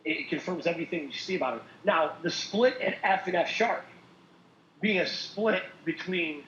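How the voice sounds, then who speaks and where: A man co-hosting a casual political talk show, animated and laughing often. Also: fairly high pitch, normal speed, a little hiss or hum. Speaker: co-host. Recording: echoey lo-fi call audio.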